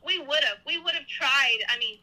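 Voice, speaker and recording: A woman's voice: high-pitched, normal speed, bright, forceful tone, low-quality recording. A woman in her thirties, a podcast guest, telling a personal story in a casual, rambling way with many restarts.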